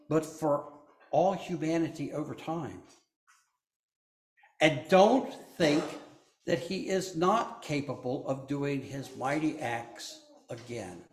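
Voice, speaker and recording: A man's voice: on the high side, expressive, reverberant. A man preaching a sermon, reading scripture and adding asides to the congregation. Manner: slow, deliberate delivery with asides to the congregation.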